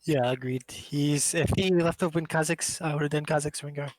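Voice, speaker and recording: A man speaks in a flat, blunt way about his team's win. His voice is dry and close on a headset, with faint music underneath. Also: fairly high pitch, normal speed, no room sound, poor audio. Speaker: esports team player. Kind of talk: post-game interview, casual.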